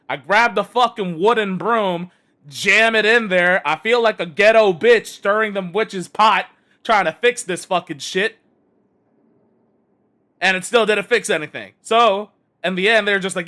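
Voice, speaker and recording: A man's voice: sits high, moderate pace, sharp tone. A man streaming a game, telling a long exasperated story full of swearing in a casual rant. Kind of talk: casual rant while gaming.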